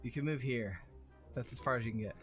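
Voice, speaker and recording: A man running a tabletop game on a livestream, laughing and talking loosely, often dropping to quiet asides. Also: mid-range voice, quick pace, over music. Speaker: game master. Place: home streaming setup.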